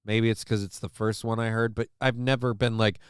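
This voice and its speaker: A man's voice: on the low side, little pitch movement, fairly quick, smooth, no echo. A man hosting a commentary show, rambling casually with many fillers and frequent swearing. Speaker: show host.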